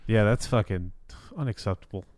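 A man's voice: lowish voice, brisk, darkish tone, dry recording. A man co-hosting a podcast, casually riffing with crude, sweary jokes. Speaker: podcast co-host. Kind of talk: casual chat.

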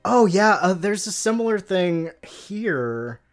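A man from the American Midwest, a guest on a podcast, chatting casually, laughing often and getting loud when excited. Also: sits high, takes it slowly, soft background music. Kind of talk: casual chat.

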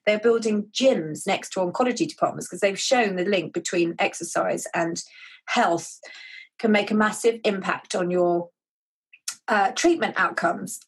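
Woman, husky, chatty storyteller, author interview. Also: medium pitch, a little slow. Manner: animated, chatty, acts out quoted dialogue. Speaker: author guest. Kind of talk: conversational storytelling.

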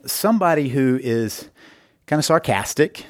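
An earnest middle-aged man talks through relationship advice at a measured, explanatory pace. His voice sits at an ordinary middle pitch. The sound is close and dry. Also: lively intonation, no echo. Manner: earnest, explanatory, repeats words for emphasis. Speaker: podcast host and marriage coach. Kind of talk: advice podcast monologue.

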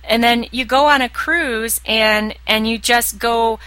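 Woman podcast coach, earnest and direct, bright voice, dry close mic. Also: fairly high pitch, steady tone, slow pace, clean tone, no room sound, poor audio. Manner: earnest, acts out inner voices of the listener. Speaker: weight loss coach. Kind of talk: solo podcast monologue.

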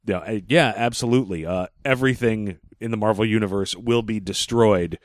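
A man's voice: lowish voice, fairly quick, dry recording, studio quality. A man co-hosting a podcast from a living room, chatting casually in a wry, rambling way with the odd swear word. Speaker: podcast co-host. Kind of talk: casual chat. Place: living room, mobile recording rig.

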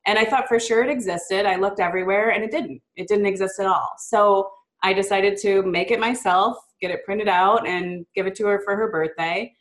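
Woman guest chatting about her kids book, upbeat, lots of ums and likes, middle-pitched voice. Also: moderate pace, few pauses. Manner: chatty and upbeat, many fillers like "um" and "like"; mimics a child's voice in quotes. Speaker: guest, children's book author. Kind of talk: casual interview chat.

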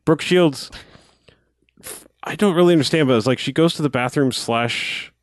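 A man's voice: a little high, normal speed, no echo, studio quality. A man in casual podcast chat, rambling through a movie recap and acting out lines in silly voices. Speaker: podcast co-host.

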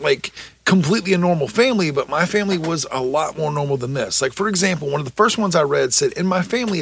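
Gravelly-voiced man telling stories. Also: medium pitch, fairly bright tone. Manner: loose, profane storytelling. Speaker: podcast co-host. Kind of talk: casual comedy podcast chat.

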